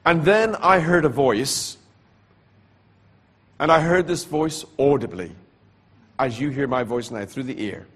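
Husky man telling a slow testimony. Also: mid-range voice, fairly bright tone. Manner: slow, deliberate storytelling with pauses. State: coughing repeatedly. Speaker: preacher giving his testimony. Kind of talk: dramatic personal testimony.

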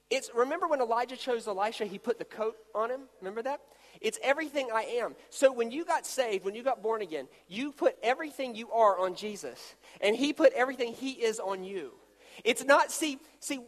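A man preaching a sermon, joking with volunteers as he acts out a demonstration. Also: high voice. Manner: animated, jokey storytelling with volunteers. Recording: long hall reverb.

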